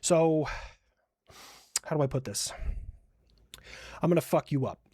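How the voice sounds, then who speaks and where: A man's voice: on the high side, measured pace, warm tone, slightly rough, no room sound, clean studio sound. A man streaming a reaction video, joking crudely and swearing often. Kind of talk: casual reaction commentary.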